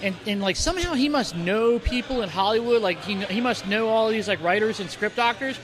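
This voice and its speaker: Recorded in the corner of a bar, a male co-host rambles through a casual podcast chat, full of fillers and restarts. His voice sits high, and he talks briskly and expressively.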